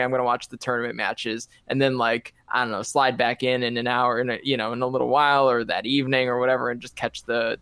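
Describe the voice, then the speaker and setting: A man co-hosting a casual podcast, relaxed and thinking aloud with many fillers. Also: medium pitch, gravelly, clean tone, no room sound. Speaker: podcast co-host. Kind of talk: casual wrestling review chat.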